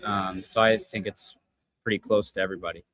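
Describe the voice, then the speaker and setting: A man's voice: fairly low pitch, fairly even intonation, fairly quick, a bit bright, dry recording. A man speaking as a fitness coach guest on a casual live podcast, in an easygoing, chatty and teasing way.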